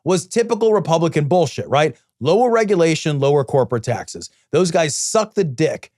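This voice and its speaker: A man's voice: fairly high pitch, lively intonation, normal speed, darkish tone, dry recording, clean studio sound. A man co-hosting a podcast, talking politics in a heated, crude and sarcastic way. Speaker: podcast co-host. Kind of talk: casual political chat.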